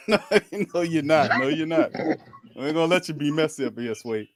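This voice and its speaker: A man's voice: a little high, moderate pace. A man hosting a casual sports talk stream, laid-back, slangy and chuckling. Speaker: podcast host.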